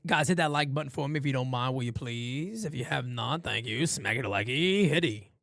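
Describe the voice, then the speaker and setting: A man calling a baseball game live for fans from his home studio, shouting on big plays and muttering low asides between pitches. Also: brisk, vocal fry, no echo. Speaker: play-by-play streamer. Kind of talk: live fan play-by-play commentary.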